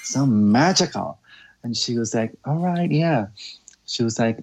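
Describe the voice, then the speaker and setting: A man telling stories in casual chat, theatrical and quick to laugh, acting out voices. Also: mid-range voice, lively intonation, darkish tone, husky.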